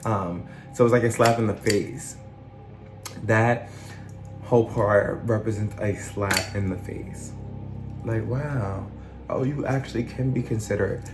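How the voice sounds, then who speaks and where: A man's voice: fairly low pitch, steady tone, a little slow. A man giving a casual, reflective commentary on song lyrics as a life coach, explaining ideas through everyday examples. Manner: reflective, explains with examples, paraphrases lines in an imagined speaking voice. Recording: roomy echo with faint background music.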